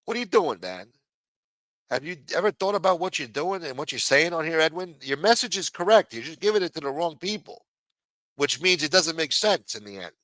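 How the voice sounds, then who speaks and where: A man's voice: on the high side, big pitch swings, fairly quick, a bit bright, no room sound, rough recording. A man on a livestream ranting angrily and scolding a viewer, with lots of profanity. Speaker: livestream co-host. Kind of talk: heated livestream rant.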